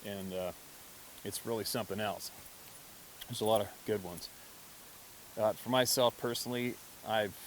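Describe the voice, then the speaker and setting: A man with a slightly low voice tells his story in a loose, chatty way. He swears freely and laughs now and then as he talks. A faint hiss sits under the recording. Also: rough recording. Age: adult, past mid-twenties. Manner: conversational, profane, laughs often. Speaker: hunter telling encounter stories. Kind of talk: casual spoken storytelling.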